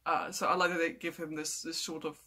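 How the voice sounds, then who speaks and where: An excitable man gushes through a TV episode review, tripping over his words and circling back to repeat himself. His voice sits high for a man and has a sharp, bright edge. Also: fairly quick. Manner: enthusiastic, repeats words and restarts often.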